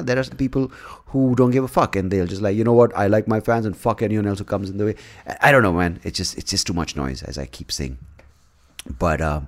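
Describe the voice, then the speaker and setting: A man hosting his own podcast in a rambling, casual monologue, swearing freely and restarting his sentences often. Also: fairly low pitch. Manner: rambling, profane, animated, many restarts. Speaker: podcast host.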